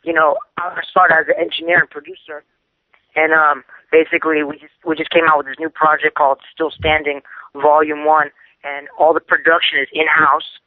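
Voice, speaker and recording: A man's voice: a little high, normal speed, no room sound. A man calling in by phone as an engineer and manager, rambling with many fillers. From San Francisco Bay Area. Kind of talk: phone-in update. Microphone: telephone. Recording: dry tinny phone line.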